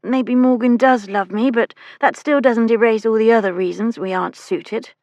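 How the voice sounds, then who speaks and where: A woman's voice: a little high, moderate pace, darkish tone, no echo, pitched above the performer's own voice, lightly acted. Stubborn witty heroine by a woman narrator, rueful, dull dry read. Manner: rueful, grudging.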